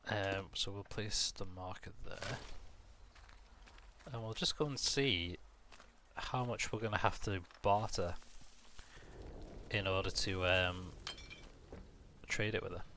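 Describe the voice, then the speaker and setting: A man's voice: sits low, takes it slowly, pauses often, pushed and bright, slight background noise. A man streaming a video game, chatting casually as he plans his next moves and swearing now and then. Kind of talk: casual live gameplay commentary.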